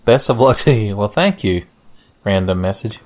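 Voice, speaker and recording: A man's voice: fairly low pitch, lively intonation, normal speed, slight background noise. A young man giving casual, profane, joking let's-play commentary as he plays a game. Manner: profane, joking, rambling asides. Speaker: gaming channel host.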